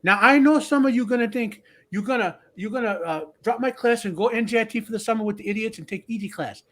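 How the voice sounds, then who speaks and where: A man's voice: high voice, quick pace, fairly bright tone, pitched above the performer's own voice. A man voicing a strict male engineering professor with a heavy foreign accent and clipped, broken phrasing. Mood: mock-stern.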